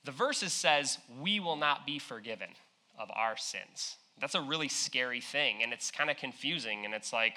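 A man's voice: medium pitch, big pitch swings, normal speed, pushed and bright. A young man preaching a sermon in a casual, conversational way, retelling a parable with slang and acted-out quotes.

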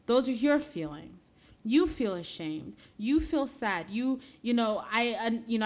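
A woman speaking earnestly to her viewers in a conversational faith talk, often dropping soft and low when heartfelt. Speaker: Christian speaker.

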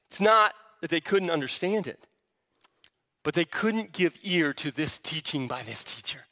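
A man's voice: a little high, lively intonation, unhurried, sharp tone, big-room sound. A male pastor preaching a sermon with emphasis, often restarting his words mid-phrase.

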